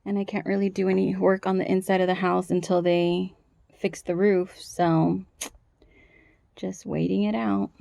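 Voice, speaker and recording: A woman's voice: medium pitch, little pitch movement, normal speed, vocal fry, dark tone, no echo. A woman vlogging in her yard about work on her rural home, talking frankly and swearing freely as she gets frustrated. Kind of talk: casual vlog monologue. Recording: faint wind and outdoor noise.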